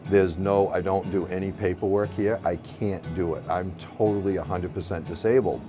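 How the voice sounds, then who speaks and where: A man's voice: deep voice, fairly even intonation, normal speed. Blunt, rambling middle-aged man from Maine. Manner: rambling, blunt and profane, with frequent restarts. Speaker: medical cannabis caregiver. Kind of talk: candid interview storytelling. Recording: loud music under voice. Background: music.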